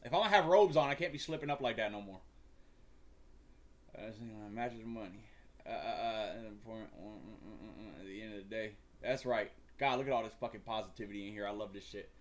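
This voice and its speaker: A man's voice: lowish voice, brisk. A young man hosting a livestream, chatting casually in a slangy, profane, rambling way with frequent stumbles. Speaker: livestream host.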